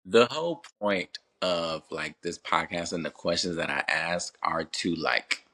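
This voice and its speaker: A man from Connecticut hosting a podcast, asking gentle questions in a casual, easygoing interview. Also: low voice, measured pace. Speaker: podcast host.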